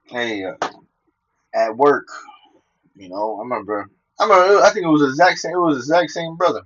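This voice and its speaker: A man's voice: fairly high pitch, animated, a little fast, fairly bright tone, dull audio, slight background noise. A man talking casually and profanely, telling personal stories and quoting scripture, laughing between his points.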